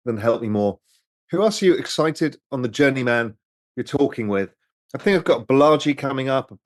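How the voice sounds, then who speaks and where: A man hosts a casual live-stream chat over drinks, reading out viewer questions in a rambling, candid way and swearing as he goes. His voice is mid-range and the recording is dry.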